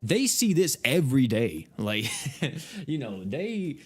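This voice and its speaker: Young American male streamer, mid-pitched, venting in a loose, profane, laughing ramble over faint game music. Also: very animated, slow pace, breathy edge. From United States. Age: 20s. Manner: exasperated, swears freely, laughs through his stories. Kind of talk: casual storytelling chat while gaming.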